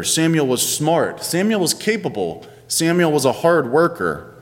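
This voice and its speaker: Male pastor, 30s, chatty storytelling sermon, long church reverb. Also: mid-range voice. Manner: conversational, playful storytelling with varied pace.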